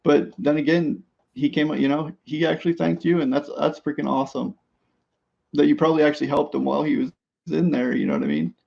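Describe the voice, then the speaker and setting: A man's voice: on the high side, fairly even intonation, quick pace, creaky, a little mellow. A man talking casually as a podcast guest, hesitant and full of fillers. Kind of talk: casual conversation. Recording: muffled lo-fi call audio.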